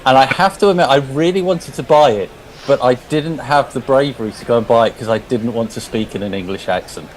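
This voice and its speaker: A man's voice: medium pitch, brisk, slight background noise, rough recording. Rambling man telling cricket-box anecdotes. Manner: rambling storyteller, restarts often. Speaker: co-commentator. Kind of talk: anecdotal commentary chat.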